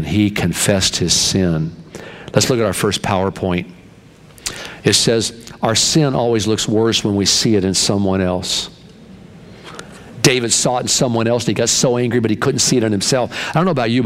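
Older male pastor, folksy conversational sermon delivery, lots of restarts. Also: on the low side.

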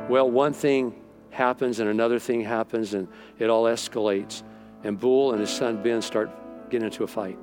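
A man's voice: mid-range voice, steady tone, normal speed, a little mellow, soft background music. A middle-aged male pastor preaching a sermon. He tells stories and acts out what people said. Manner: storytelling, acts out quoted dialogue.

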